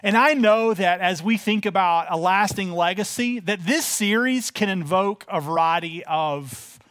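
A man in his forties delivers a sermon in a loose, folksy manner, peppering his talk with uhs. His voice sits high for a man. The sound is dry and close, with little room around it. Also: unhurried, fairly bright tone, no echo. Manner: conversational, folksy, with frequent filler uhs. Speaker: pastor. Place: church.

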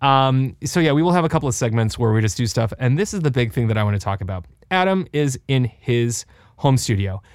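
A young adult man co-hosts a podcast, animated and jokey, swearing freely in a casual way. His middle-pitched voice is clean in tone and a little fast, and the home-studio recording sounds close and dry.

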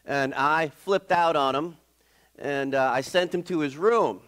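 A middle-aged male pastor preaching in a conversational, halting way, with many fillers and restarts. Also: on the high side, a bit bright, smooth. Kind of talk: sermon.

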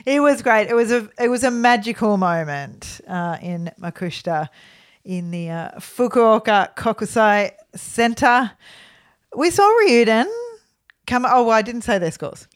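A woman's voice: on the high side, unhurried, smooth. Chatty woman co-hosting a sports chat. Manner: chatty, laughs often, trails off with fillers. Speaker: podcast co-host.

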